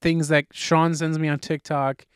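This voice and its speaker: A man's voice: fairly high pitch, level tone, unhurried, clean tone, no room sound, clean studio sound. A man co-hosting a podcast, chatting casually and rambling through his thoughts with lots of restarts. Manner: rambling, full of fillers and restarts. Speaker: podcast co-host.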